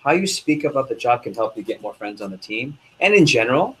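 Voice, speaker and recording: A young male manager pumps up his sales team, talking fast and loose with constant check-ins. His voice sits at an ordinary middle pitch. A faint hiss of room noise runs under the recording. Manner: energetic, hyping up the room with quick asides. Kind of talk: motivational sales meeting talk.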